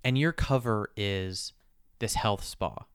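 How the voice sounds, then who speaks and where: A man with a lower, smooth and clear voice, poking dry fun at a show's writing. His delivery is wry and offhand. The sound is close and dry, with no room around it. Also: slow pace, no room sound. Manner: wry, mocking critique. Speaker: podcast co-host. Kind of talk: casual chat.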